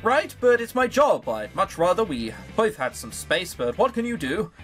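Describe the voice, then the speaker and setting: Brief: a chatty young barman, read by a man, easygoing, with lively pitch and faint music behind. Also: normal speed. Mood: friendly.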